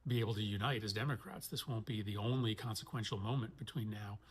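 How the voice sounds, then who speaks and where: A man, a senator, speaking earnestly and in a measured way in played-back clips. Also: fairly low pitch, fairly even intonation, breathy edge. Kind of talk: political speech in clips.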